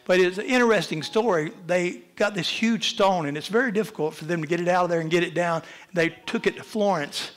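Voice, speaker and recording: A man's voice: brisk, hardly any pauses, faint music behind. A man preaching a sermon as pastor, with impassioned delivery that swells and drops. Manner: impassioned preaching, rising and falling in pitch and volume. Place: church.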